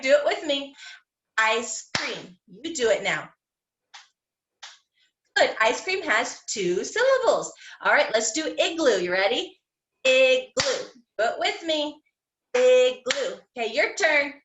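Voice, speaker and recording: High, bouncy woman teaching phonics. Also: fairly bright tone, slight background noise. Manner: slow, sing-song, sounding out each letter. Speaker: kindergarten teacher. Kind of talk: phonics lesson for young children. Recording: echoey room.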